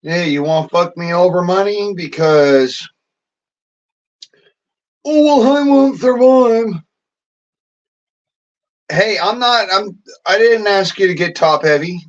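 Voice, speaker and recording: A man delivering an angry, profane rant to the camera, bitter and cursing nearly every phrase, now and then breaking into hoarse yelling. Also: sits high, moderate pace, lo-fi sound. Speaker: vlogger.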